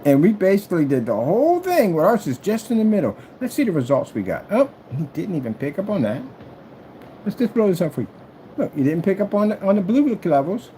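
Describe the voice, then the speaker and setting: Taunting man with a lively voice. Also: brisk, a little hiss or hum. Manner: taunting and trash-talking, repeats phrases; animated swings between loud and low. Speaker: screen maker showing his product. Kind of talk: boastful product demo vlog.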